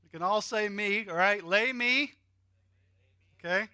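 A man's voice: sits high, fairly even intonation, fairly quick, pushed and bright, dry recording, studio quality. A man with a Southern US accent preaching a sermon, joking with the congregation and having them repeat words after him. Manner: joking, teaching with call-and-repeat. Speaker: pastor.

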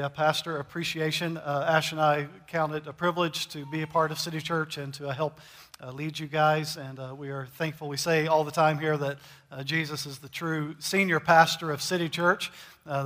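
A middle-aged pastor delivers a relaxed, joking sermon, his high, bright voice carrying through a reverberant church hall. He peppers his preaching with "uh" and "um" as he talks. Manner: conversational preaching with frequent "uh" fillers and humor. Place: church sanctuary.

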